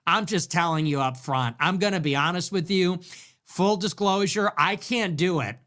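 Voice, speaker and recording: A man's voice: sits high, normal speed, a bit bright. A young man hosting his own livestream, ranting and joking sarcastically about the news. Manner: mocking, joking, rants. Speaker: political streamer host.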